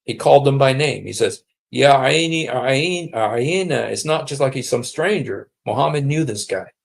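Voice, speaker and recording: A man with a gravelly, fry-laden voice at an ordinary middle pitch, hosting a casual livestream. He talks in a sarcastic, mocking way, stacking repetitions for emphasis. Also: fairly quick, darkish tone. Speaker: livestream host.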